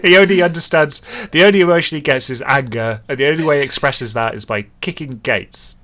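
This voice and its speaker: A man's voice: on the high side, a little fast, bright, forceful tone. A man co-hosting a comedy podcast, teasing and giggly, with mock outrage. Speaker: podcast co-host. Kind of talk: casual comedic podcast chat.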